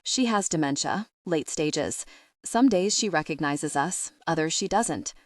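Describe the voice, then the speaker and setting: A woman reading the lines of a huge, blunt male bodyguard, keeping the words short, grunted and flat. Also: sits low, a little slow, no echo, clean studio sound. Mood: terse. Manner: grunting, terse.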